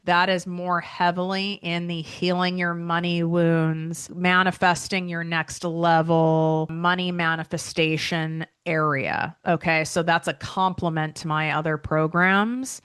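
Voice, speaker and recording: A woman's voice: lowish voice, little pitch movement, measured pace, few pauses, a bit bright, clear, resonant tone, no echo, clean studio sound. A woman hosting her own podcast in a chatty, emotional way, full of fillers, near tears as she speaks. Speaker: podcast host and business coach. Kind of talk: casual solo podcast talk.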